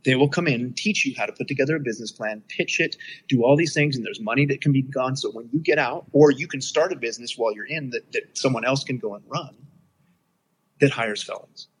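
A middle-aged man speaks in a slightly husky, breathy voice at an ordinary pitch. He tells a personal story in easy conversation and animates the quoted voices, leaping well up in pitch for other speakers' words. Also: brisk, rough recording. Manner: animated, acts out quoted dialogue with big pitch jumps. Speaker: guest telling his story.

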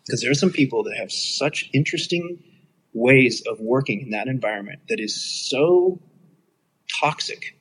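Husky man telling a lively story. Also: normal speed, rough recording. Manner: animated, acts out quoted dialogue with big pitch jumps. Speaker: guest telling his story. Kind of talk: casual storytelling in conversation.

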